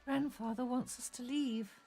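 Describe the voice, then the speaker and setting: A woman voicing a soft-spoken, wistful teenage schoolgirl in an audio drama reading. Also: a little high, steady tone, a little slow, faint music behind.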